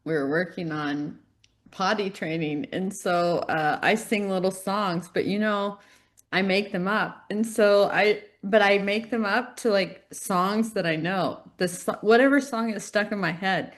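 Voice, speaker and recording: A middle-aged woman co-hosts a relaxed podcast conversation, her voice sitting at an ordinary pitch. She tells stories animatedly and breaks into laughter often. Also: measured pace. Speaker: podcast co-host. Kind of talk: casual chat.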